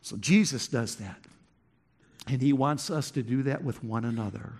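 A man preaching a sermon, swinging from loud impassioned peaks to quiet, earnest lows, often restarting phrases. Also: expressive, normal speed. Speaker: pastor. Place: church.

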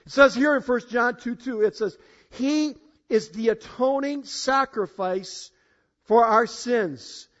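High-voiced preacher, loud then hushed. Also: male voice, slow. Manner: emphatic, swings between loud declarations and low asides; addresses congregation directly, asks for show of hands. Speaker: pastor. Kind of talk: sermon. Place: church in front of a congregation. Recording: dull, lo-fi sound.

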